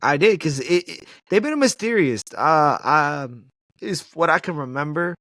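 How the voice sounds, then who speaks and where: Animated, slangy man with a higher voice. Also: a little slow, no room sound, clean studio sound. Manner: animated, slangy, laughs often. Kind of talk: casual movie chat.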